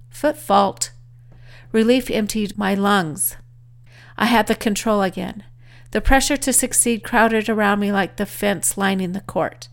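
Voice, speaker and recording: A woman's voice: medium pitch, vocal fry. A woman author giving a motivational talk, earnestly telling a personal story. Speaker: author and speaker.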